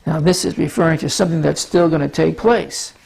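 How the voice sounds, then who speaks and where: A man's voice: on the high side, darkish tone. Scratchy-voiced pastor man teaching. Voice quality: scratchy, throat-clearing. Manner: measured Bible teaching with frequent small stumbles. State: hoarse from allergies. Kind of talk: sermon teaching with a map.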